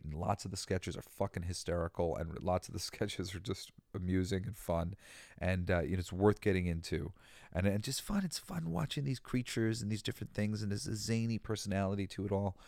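Speaking briskly in a fairly low, gravelly, slightly mellow voice, a worn-out host in California rambles through a casual solo talk, nearly crying and singing fragments of songs. No room sound is audible.

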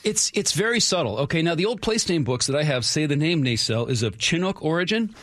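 A man, the show's resident historian, telling local history stories in a chatty, brisk way on a radio segment. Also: a little high, very animated, fairly bright tone, dry recording. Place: radio studio.

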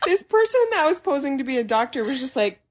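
A young woman co-hosting a podcast, telling stories in an animated way, laughing and acting out quotes. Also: high-pitched, quick pace. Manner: animated, laughing storyteller who acts out quotes. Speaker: podcast co-host. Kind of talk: casual chat.

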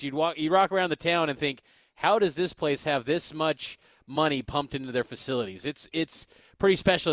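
A man's voice: mid-range voice, a bit bright, no echo. Man, sports radio co-host, enthusiastic, storytelling, dry close mic. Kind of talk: casual sports talk.

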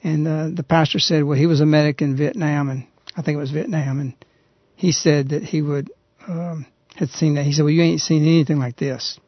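A man's voice: a little high, steady tone, a little fast, hardly any pauses, dry recording. Earnest man retelling a story on radio. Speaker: radio show host. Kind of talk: casual storytelling on a radio talk show. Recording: dull, lo-fi radio recording.

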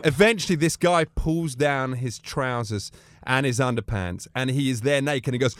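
A man's voice: medium pitch, moderate pace, hardly any pauses, no room sound, studio quality. A middle-aged man from England, a comedian guest in a casual interview, telling anecdotes and acting out other people's voices. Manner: animated, acts out voices in his anecdotes.

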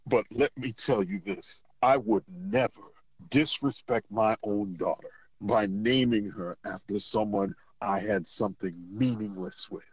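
Husky-voiced father on the line. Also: fairly low pitch, no echo, highs cut off. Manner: halting, earnest, with many restarts. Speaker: caller, father. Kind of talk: emotional phone conversation.

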